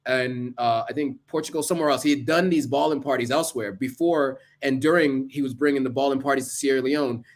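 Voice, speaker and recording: A man giving earnest, casual advice to camera, listing tips with asides along the way. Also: medium pitch. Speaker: vlogger.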